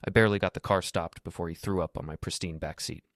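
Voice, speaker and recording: A man with a very low voice narrates a scripted first-person story. His delivery is steady and matter-of-fact, and the recording is dry and close. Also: fast, no room sound.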